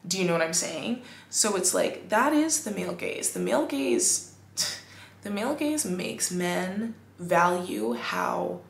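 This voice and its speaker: A woman hosting a podcast, talking in a casual, animated monologue full of "like"s and restarts. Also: on the low side, slow, vocal fry, roomy sound, a little hiss or hum. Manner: animated, chatty, many "like"s and restarts. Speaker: podcast host.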